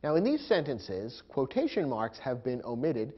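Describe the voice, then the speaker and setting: A man's voice: mid-range voice, huge pitch swings, moderate pace, dull audio, music in the background. A man teaching a grammar lesson, explaining punctuation rules step by step and spelling out marks aloud. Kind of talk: recorded lecture.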